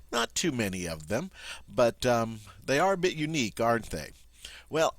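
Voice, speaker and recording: Guy teaching french sounds, lowish voice, dry close sound, slow patient demo style. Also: no echo. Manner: patient, demonstrates sounds slowly, checks in with "all right?". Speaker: language teacher. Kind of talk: pronunciation lesson.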